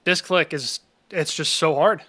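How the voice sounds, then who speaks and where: Young man streaming a game, bright and slightly high voice, rambling chatty commentary, faint music underneath. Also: measured pace. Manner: chatty, self-interrupting, reacts to chat. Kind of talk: casual live-stream commentary while gaming.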